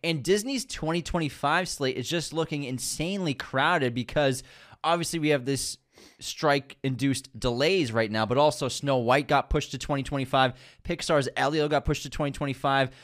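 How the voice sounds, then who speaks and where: A man's voice: mid-range voice, normal speed, a bit bright. A man co-hosting a casual movie news podcast, laughing often and swearing freely. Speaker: podcast co-host.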